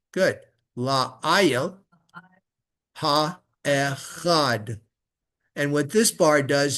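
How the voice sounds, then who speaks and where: Male rabbi, slightly higher voice, unhurried one-on-one teacher. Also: fairly bright tone. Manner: patient, slow, models words for repetition. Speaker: rabbi teaching Torah reading. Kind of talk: one-on-one lesson on chanting.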